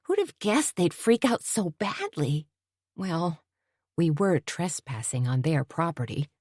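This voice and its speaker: A woman reading an audiobook voices a brash, wisecracking woman who talks in slang and gets loud when excited. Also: lowish voice, slow pace, no echo, studio quality, full character voice. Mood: joking.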